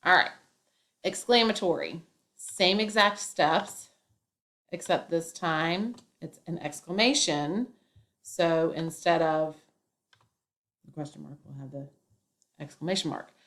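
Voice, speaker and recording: A woman's voice: low-pitched, slow pace, long pauses, a bit bright. A woman teacher giving a classroom grammar lesson, explaining step by step and acting out example sentences with emphasis.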